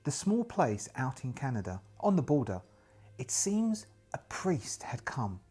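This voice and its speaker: A man voicing an earnest 1920s investigator reading his journal in a hushed, measured, solemn way over faint music. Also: mid-range voice, very animated, husky.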